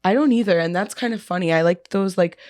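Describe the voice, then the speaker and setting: Young woman, low voice, laid-back podcast chat, laughs a lot, dry close mic. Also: fast talker, darkish tone, no room sound. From New York area. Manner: laid-back, laughs often, many fillers. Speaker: podcast co-host. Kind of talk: casual chat.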